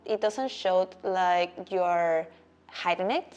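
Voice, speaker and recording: A woman's voice: fairly low pitch, slow pace, darkish tone, clear, resonant tone, dull audio. A woman from Paraguay, a native Spanish speaker with a Paraguayan accent and strong R's, chatting casually in English and often restarting her sentences. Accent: Paraguayan Spanish, strong rolled R's. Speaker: new team member.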